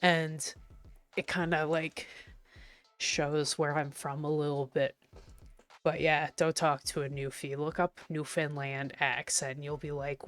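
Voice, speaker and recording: A woman's voice: low-pitched, little pitch movement, unhurried. A woman with a faint Prince Edward Island accent chatting casually with her stream chat, playful and repeating words to test how she says them. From Prince Edward Island, Canada. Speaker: art streamer.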